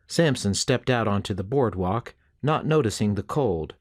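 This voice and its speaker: A man's voice: on the low side, animated, normal speed, no room sound. Man narrating a western audiobook, dry.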